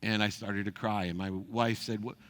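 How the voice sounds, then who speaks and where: A middle-aged man telling a personal story as host, animated and acting out the people he quotes. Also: on the low side, moderate pace.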